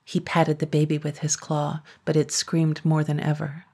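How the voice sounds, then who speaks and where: A woman narrating a classic children's story in a calm, even storytelling manner. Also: deep voice, normal speed, hardly any pauses, husky. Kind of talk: scripted narration.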